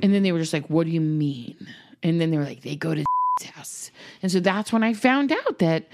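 Woman guest, lively pitch, chatty animated storyteller. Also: a little fast, a little hiss or hum. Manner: animated storytelling, acts out her kids. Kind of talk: casual podcast chat.

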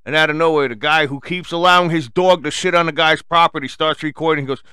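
A man rants furiously into the mic as host of his own radio show, cursing constantly and mocking the people he talks about. His voice is bright and forceful. The sound is dry and close. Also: fairly high pitch, quick pace, hardly any pauses, smooth, no room sound. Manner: angry, swearing, mocking quoted people. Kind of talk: profane rant.

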